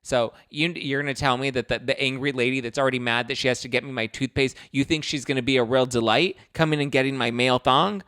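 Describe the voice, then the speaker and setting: A man's voice: medium pitch, fast, hardly any pauses, clear, resonant tone, no room sound, clean studio sound. A man hosting a pop-culture podcast, ranting in a casual chat with comic asides. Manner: animated ranting, comic put-on quotes. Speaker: podcast host.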